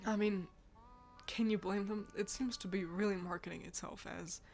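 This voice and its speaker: A woman's voice: mid-range voice, fairly even intonation, measured pace, a little mellow, faint music behind. A woman streaming live, chatting casually about games while sick and congested, laughing often.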